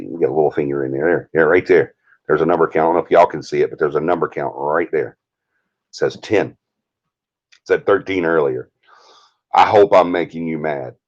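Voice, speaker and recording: A man's voice: sits low, a little mellow, highs cut off. A man with a Southern US accent hosting a live stream, ranting in a heated, indignant way. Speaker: paranormal team leader, stream host.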